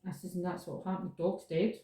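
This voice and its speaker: A woman's voice: fairly low pitch, flat delivery, fairly quick, warm tone, distant mic. A woman in casual chat as a podcast host, stating her points firmly and repeating them for emphasis. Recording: echoey room, voice from off the mic.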